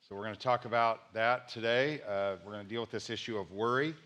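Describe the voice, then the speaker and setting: A man's voice: on the low side, fairly even intonation, a little fast, a bit bright. A man, a pastor, preaching a conversational sermon and repeating key points for emphasis.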